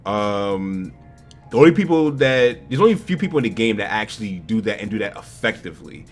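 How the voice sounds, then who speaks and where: A man hosting a podcast, excitable and bantering, often repeating words. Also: fairly low pitch, a little fast, faint music behind. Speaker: podcast host. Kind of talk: casual interview chat.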